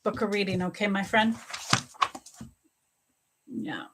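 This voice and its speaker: A middle-aged woman with a mid-range voice does live psychic readings, taking viewers' questions one after another against a noisy background. She talks at an unhurried pace, addresses viewers by name, and frequently repeats herself while laughing along the way.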